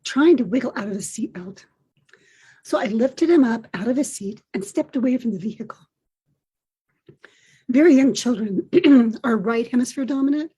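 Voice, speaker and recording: An older woman hosting a podcast, telling a personal story in a gentle, reflective way. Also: fairly high pitch, slightly rough. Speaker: podcast host.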